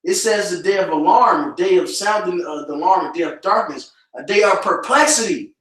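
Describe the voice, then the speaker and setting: Out on the street, a man preaches scripture in a brisk, high, slightly bright voice, casually ending lines with "man." The audio is echoey, with him distant from the microphone.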